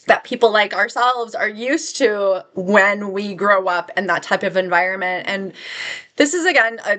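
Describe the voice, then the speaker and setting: A woman's voice: mid-range voice, pushed and bright. A middle-aged woman speaking an earnest spiritual vlog message to her viewers, encouraging and reassuring, with many filler words. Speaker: spiritual content creator.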